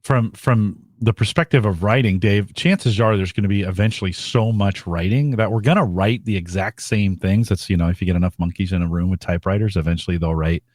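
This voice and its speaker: A man co-hosting a podcast, talking in a thoughtful, measured way with frequent fillers. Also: low-pitched, a little mellow, no echo, clean studio sound. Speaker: podcast co-host. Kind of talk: casual podcast chat.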